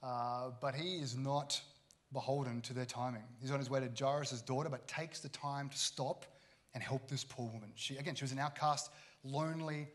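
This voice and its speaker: A man's voice: mid-range voice, steady tone, normal speed. A man, a pastor giving a conversational sermon and acting out the people in his stories. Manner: conversational, acts out quoted characters.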